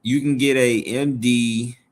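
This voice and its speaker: A man's voice: mid-range voice, fairly even intonation, slow. A man from Georgia hosting a live stream, reading chat aloud and joking. He talks casually and playfully, repeating his phrases.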